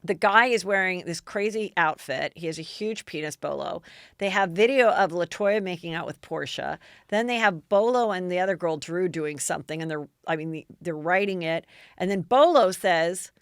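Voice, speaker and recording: A woman hosting a podcast, chatting in a fast, animated, frank and gossipy way. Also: fairly low pitch, clear, resonant tone, no room sound, clean studio sound. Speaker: podcast host. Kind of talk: casual gossip chat.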